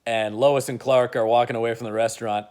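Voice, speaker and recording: A video creator with a mid-range, darkish voice talks fast with fairly even intonation, casually retelling an imagined movie plot. His account rambles, packed with fillers and restarts.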